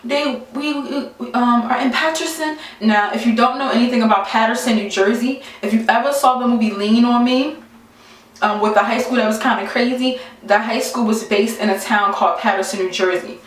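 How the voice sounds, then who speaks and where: A young woman vlogger telling a story to camera in a casual, animated, exasperated way, acting out the quotes. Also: a little high, a little fast. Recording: very echoey room, mic far off.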